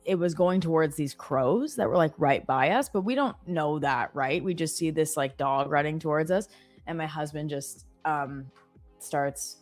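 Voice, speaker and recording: A woman's voice: deep voice, moderate pace, a little mellow, soft background music. A woman in her thirties, from Canada, telling chatty stories with lots of fillers as co-host of a live trading stream. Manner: chatty storytelling with many fillers. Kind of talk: casual chat.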